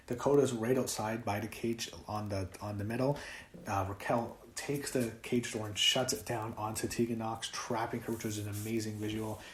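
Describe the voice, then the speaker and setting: A man's voice: on the low side, echoey room. A man giving a casual, rambling solo review of a wrestling show, with lots of fillers and swearing when he gets worked up.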